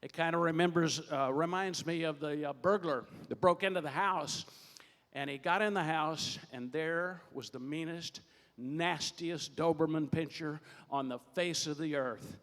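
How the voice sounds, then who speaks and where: An older man with a slightly higher voice works the crowd as a warm-up emcee, folksy and joking, swelling into loud calls. He speaks on a handheld stage mic, and his words ring out through a long hall reverb. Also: measured pace. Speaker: producer warming up a studio audience. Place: large hall or theater stage.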